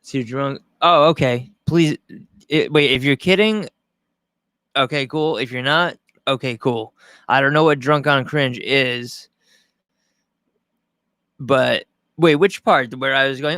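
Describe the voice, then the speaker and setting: Bright-voiced rambling, cussing man. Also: mid-range voice, steady tone, moderate pace, smooth, no echo. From Long Island, New York. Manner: rambling, profane, frequent restarts. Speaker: streamer reacting to a news clip. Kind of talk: casual livestream commentary.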